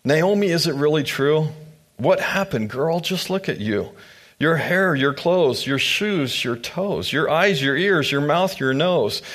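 A man's voice: a little high, animated, a little slow, fairly bright tone, voice pushed up. A man voicing a group of gossiping townswomen who tease an old friend in rhyming storybook verse. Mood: teasing. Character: gossiping townswomen, teasing and blunt.

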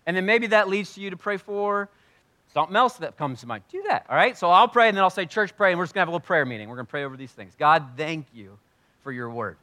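A man preaching as pastor to his congregation, energetic and joking, with loud bursts of emphasis as he leads a prayer time in church. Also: high-pitched, fast. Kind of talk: sermon leading congregational prayer. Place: church sanctuary.

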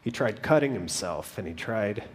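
A man's voice: on the low side, lively intonation, normal speed. A man preaching a sermon, earnestly retelling a story with frequent restarts. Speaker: pastor.

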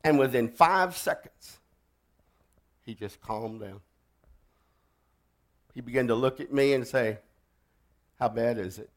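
An older man preaching a sermon, telling a war story with loud outbursts that drop to a hush. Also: mid-range voice, slow pace, long pauses. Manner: dramatic storytelling, swings from loud outbursts to hushed.

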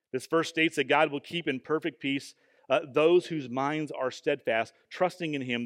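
A man preaching a sermon in an earnest, emphatic way, often pausing with fillers and restarting his phrases. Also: on the high side. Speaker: pastor. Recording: long hall reverb.

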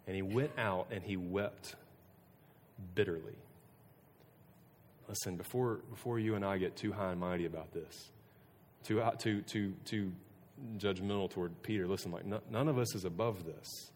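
A man preaching a sermon in a relaxed, chatty way, full of filler words and restarts. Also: low-pitched, brisk. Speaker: pastor. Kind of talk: casual conversational sermon. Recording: long hall reverb.

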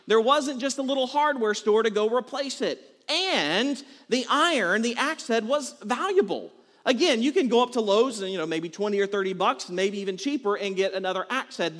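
A man's voice: sits high, in a large hall. A man preaching a sermon as a pastor, talking casually and joking as he tells stories to his congregation. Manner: conversational, joking, animated storytelling.

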